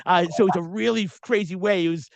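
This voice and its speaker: A podcast host in his forties with a high voice talks to guests in a loose, slangy style. He keeps telling long stories full of asides. The sound is dry and close, with no room echo. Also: fairly even intonation, fast, creaky, highs cut off. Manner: storytelling with frequent slang and asides. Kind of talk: casual interview chat.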